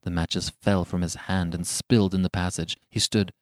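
A man narrating a horror story in a hushed, suspenseful way. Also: low voice, little pitch movement, normal speed, no echo, studio quality. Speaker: audiobook narrator.

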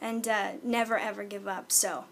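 A young female singer in a casual interview chat, relaxed and giggly, with lots of ums and likes. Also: mid-range voice, normal speed, creaky, a little hiss or hum. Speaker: singer guest.

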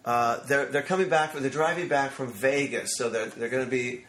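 The speaker is a man in his fifties, a screenwriter guest spinning anecdotes at a studio microphone. He animatedly imitates the people he quotes, using a medium pitch and moderate pace in an echoey room.

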